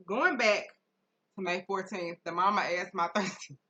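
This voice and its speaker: A woman hosting a casual podcast tells a listener's story. Her voice is bright and sits a little low. She swears freely and keeps bursting into loud laughter. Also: slow. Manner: profane, laughs loudly, swings from flat reading to shrieking. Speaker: podcast host reading listener letters.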